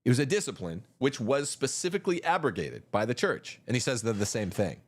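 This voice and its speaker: A man's voice: mid-range voice, sing-song, a little fast. Combative male livestream host. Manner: combative, mocking. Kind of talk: livestream commentary.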